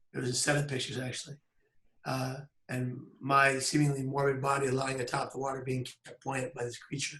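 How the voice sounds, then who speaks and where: A man in his thirties telling a personal story on camera in an earnest, measured way with pauses. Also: mid-range voice, a bit bright, roomy sound. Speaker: public speaker. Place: outdoors by a bridge.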